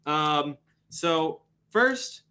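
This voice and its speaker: Young male game master, a bit high-pitched, rambling filler-heavy narration. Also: animated, very slow, bright, forceful tone. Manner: rambling, many fillers and restarts.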